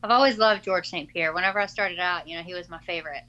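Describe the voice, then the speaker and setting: A young adult woman fighter answering interview questions in a halting, filler-heavy casual way over a call. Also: fairly low pitch, pushed and bright. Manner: halting, many fillers and restarts. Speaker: MMA fighter being interviewed. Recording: dull lo-fi call audio.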